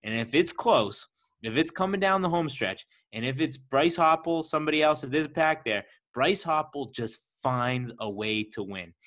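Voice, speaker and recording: A man co-hosting a sports podcast, making his points with lively repetition. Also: fairly high pitch, moderate pace. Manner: animated, repeats points for emphasis. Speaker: podcast co-host. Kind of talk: casual podcast chat.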